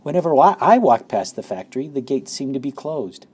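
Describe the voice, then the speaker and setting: A man's voice: mid-range voice, very animated, fairly quick, darkish tone, husky, pitched above the performer's own voice. A man voicing a curious, eager small boy in a storybook reading, asking breathless questions. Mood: hesitant. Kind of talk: storybook read-aloud.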